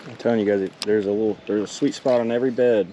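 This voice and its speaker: A man vlogging as he fishes a creek outdoors, excitedly talking to the fish he catches. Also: fairly low pitch, quick pace. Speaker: fishing vlogger. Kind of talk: casual outdoor commentary. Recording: outdoor camera audio with water noise. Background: running water and outdoor noise.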